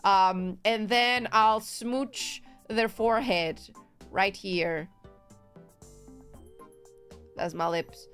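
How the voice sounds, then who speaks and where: A woman's voice: medium pitch, very slow, pauses often, a bit bright, smooth, faint music behind. A woman streamer chatting casually on a live stream, rambling in a giggly, playful way. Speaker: VTuber streamer.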